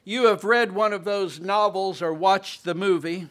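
A man preaching a sermon, reading scripture with slow, emphatic delivery and rising exclamations. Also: high-pitched, fairly bright tone. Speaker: pastor.

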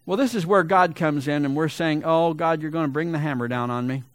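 High-voiced man preaching loudly. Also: a little fast, no room sound. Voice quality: gravelly. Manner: loud, emphatic preaching that swells to big peaks. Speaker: pastor. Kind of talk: sermon.

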